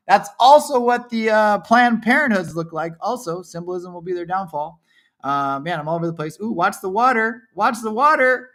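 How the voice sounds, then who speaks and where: High, bright-voiced ranting male streamer. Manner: swings from muttering to angry yelling, swears often. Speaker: livestream co-host. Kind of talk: ranting livestream commentary over shared images.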